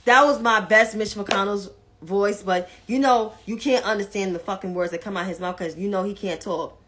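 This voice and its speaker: A woman's voice: medium pitch, normal speed, fairly bright tone, slight background noise. A woman giving casual political commentary in a blunt, profane, mocking way.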